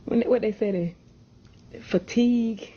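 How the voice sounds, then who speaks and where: A woman with a low, husky, mellow voice scolds in a blunt, exasperated way. The recording is dull and lo-fi. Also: unhurried. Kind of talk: casual video rant. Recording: dull lo-fi audio.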